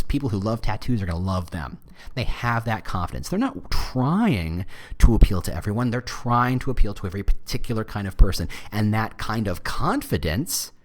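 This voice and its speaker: A man hosting a podcast, talking alone in a loose, joking, conversational way. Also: lowish voice. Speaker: podcast host. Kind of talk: solo podcast monologue.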